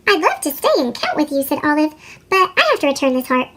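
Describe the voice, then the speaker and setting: A woman voicing a brave, kind female dog in a storybook reading, her voice sped up into a chipmunk pitch. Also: big pitch swings, quick pace, sharp tone, exaggerated voice. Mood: earnest. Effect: sped-up chipmunk pitch shift.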